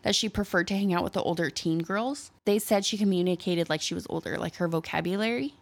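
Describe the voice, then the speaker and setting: A woman's voice: fairly low pitch, fast. A young woman from Southern California co-hosting a podcast, telling a story in casual chat and breaking into playful voices when she quotes people. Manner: chatty, animated, jumps into playful voices when quoting people. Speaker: podcast co-host.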